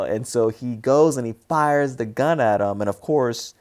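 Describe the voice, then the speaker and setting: A podcast co-host casually retelling a movie's scenes in an animated way, often laughing. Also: mid-range voice, unhurried. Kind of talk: casual movie recap chat.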